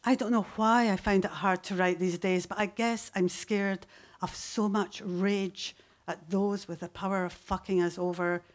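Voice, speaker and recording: A woman poet performs on stage before a live audience. Her voice sits in a middle register, and her recitation is slow and deliberate. Every so often it breaks into sudden fierce bursts. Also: medium pitch, fairly even intonation. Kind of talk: poetry reading on stage.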